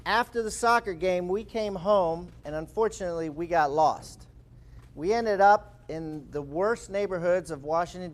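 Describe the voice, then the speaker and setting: A man in his fifties giving a motivational talk to a live audience, telling a story with lively, acted-out quotes. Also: sits high. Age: 50s. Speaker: speaker. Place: live presentation room.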